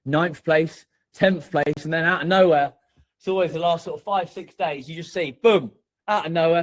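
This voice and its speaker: A man hosting a sales community, giving hyped motivational shout-outs full of swearing and punchy repetition. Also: a little high, normal speed.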